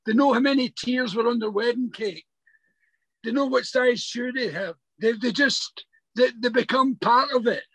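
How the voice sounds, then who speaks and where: An older man, an actor, telling stories in a remote interview over a video call, halting and repeating words as he goes. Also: extremely high pitch, a bit bright, no room sound, low-quality recording. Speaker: actor guest. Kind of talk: remote interview, casual storytelling.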